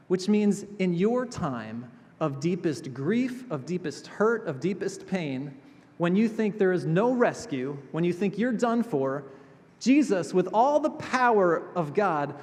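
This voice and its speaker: Expressive preacher in a reverberant chapel. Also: male voice, a little high. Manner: expressive, swings between emphatic and hushed. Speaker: pastor. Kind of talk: sermon. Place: chapel sanctuary.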